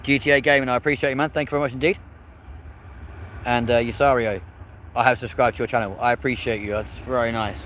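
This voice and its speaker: The man talks fast in a steady, fairly bright mid-range voice, with a little hiss or hum on the phone recording. He's a plane spotter live-streaming outside an airport, chatty and upbeat, treating his viewers as friends and folks.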